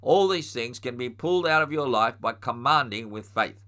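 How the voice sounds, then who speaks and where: A middle-aged man preaching a sermon, teaching earnestly and rising into forceful spoken commands. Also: medium pitch, animated, moderate pace.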